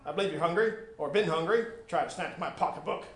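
A man's voice: fairly high pitch, fast talker, lightly acted. A man voicing a large, stern older woman who scolds a boy in a firm, folksy way while reading a story aloud in an echoey room. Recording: echoey room with faint noise.

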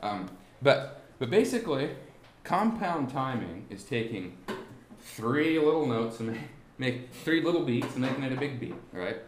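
A man teaching a class on musical timing, talking haltingly with many restarts and asking the students rhetorical questions. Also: mid-range voice, lively intonation, echoey room, slight background noise. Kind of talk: classroom lesson on beat patterns. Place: warm indoor classroom.

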